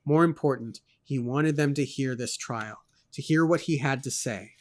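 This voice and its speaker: A man's voice: mid-range voice, normal speed. Man reading a novel aloud with dry asides. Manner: steady narration broken by dry asides.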